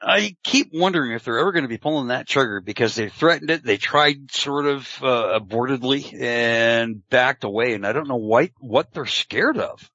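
A man's voice: mid-range voice, animated, moderate pace, few pauses, bright, forceful tone, dry recording. A man hosting a casual chat, laid-back and chuckling as he leads the discussion. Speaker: podcast host. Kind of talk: casual wrestling prediction chat. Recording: dull lo-fi audio.

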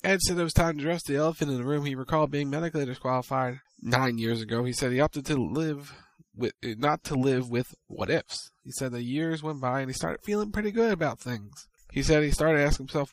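A man co-hosting a casual chat, recapping events in brisk storytelling and playing out quotes. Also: medium pitch, no echo. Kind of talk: casual recap of a wrestling show.

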